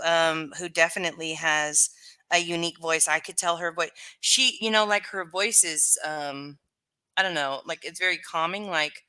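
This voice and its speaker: A woman hosting a casual live stream, talking loosely with lots of "like" and "um" as she answers viewer comments. Her voice sits a little low, yet it sounds bright and forceful. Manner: chatty, lots of fillers, answers comments aloud.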